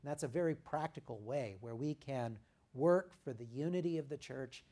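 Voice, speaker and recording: A male pastor delivering a sermon, reading scripture and then explaining it conversationally with occasional "uh" pauses, rising for emphasis and dropping soft at the ends of phrases. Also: mid-range voice.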